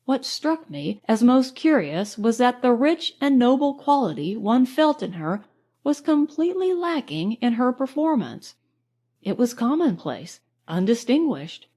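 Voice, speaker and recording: A woman narrating a novel in the first person, in a measured, reflective storytelling manner. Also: a little high, a little mellow. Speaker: audiobook narrator.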